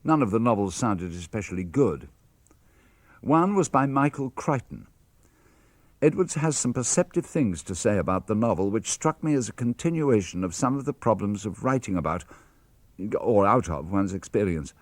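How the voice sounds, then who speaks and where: An older man with a British accent reading a father's letters aloud for radio, measured and expressive. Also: fairly low pitch, no room sound. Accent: British English. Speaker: reader of letters.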